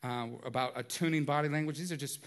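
A man's voice: fairly high pitch, steady tone, fast. A man preaching a sermon in a conversational way, with light humor and frequent rhetorical asides. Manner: light humor, acts out everyday dialogue. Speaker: pastor.

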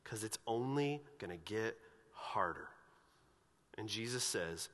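A man's voice: mid-range voice, normal speed, slightly rough. Earnest male pastor preaching in a reverberant hall. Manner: earnest, questioning, animated when retelling scripture scenes. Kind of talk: sermon. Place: church sanctuary.

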